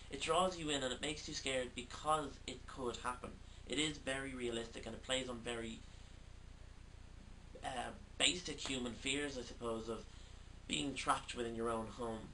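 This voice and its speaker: A man's voice: mid-range voice, bright, forceful tone, far from the mic, poor audio. Brief: male host of a casual film review, hesitant and filler-heavy delivery, recorded some way from the mic with faint noise underneath. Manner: hesitant, with many "sort of" and "um".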